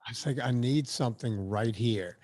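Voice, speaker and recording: A man's voice: medium pitch, moderate pace, a little mellow. A man talking as a filmmaker and podcaster guest, telling stories in a chatty, blunt way with casual swearing. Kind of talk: casual storytelling interview.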